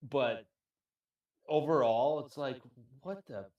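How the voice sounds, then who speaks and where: A man co-hosting a fan podcast in casual chat, halting with fillers and laughing often. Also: mid-range voice, muffled recording. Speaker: podcast co-host. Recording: roomy, distant mic.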